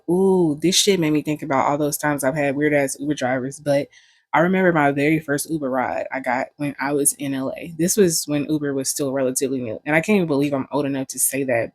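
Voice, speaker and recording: A woman's voice: low voice, darkish tone, dry recording. A young woman vlogging, telling stories in a candid, joking way full of profanity. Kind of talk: casual storytelling.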